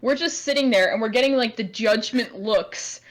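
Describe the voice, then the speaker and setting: Woman guest, kinda high voice, laughs a lot while telling the story. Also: normal speed. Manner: giggly, laughs often while telling stories. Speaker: podcast guest. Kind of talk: casual chat.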